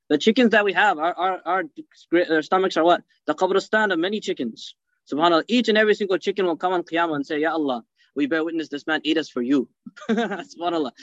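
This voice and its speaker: A man teaching a hadith class, animated, asking his listeners rhetorical questions and mixing Arabic phrases into his English. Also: high voice, no echo, highs cut off. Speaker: religious teacher.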